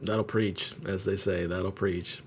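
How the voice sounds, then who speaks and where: A young adult man co-hosting a church podcast, chatting casually, candid and joking with animated asides. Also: low-pitched, slow, a little hiss or hum. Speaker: podcast co-host and worship leader.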